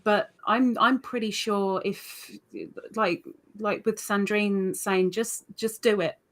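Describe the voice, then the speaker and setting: A woman's voice: medium pitch, steady tone, slow pace, fairly bright tone. A woman hosting a casual crochet livestream, explaining techniques chattily with frequent restarts. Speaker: livestream host. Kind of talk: casual crafting chat.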